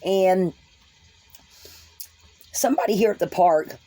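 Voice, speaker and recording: A woman's voice: on the low side, slow pace, dark tone. A woman vlogger casually telling a story to her viewers, folksy and rambling, with frequent restarts and asides.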